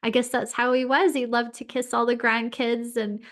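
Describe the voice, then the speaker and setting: A woman's voice: fairly high pitch, flat delivery, normal speed, a bit bright. A woman hosting a podcast who tells a personal story in an earnest, heartfelt way, often using "um" and "like". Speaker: podcast host and spiritual medium.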